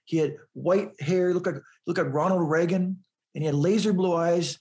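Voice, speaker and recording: A man's voice: high voice, moderate pace, a little mellow. A man in an interview telling a personal story earnestly, often repeating words as he builds toward the point. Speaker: guest.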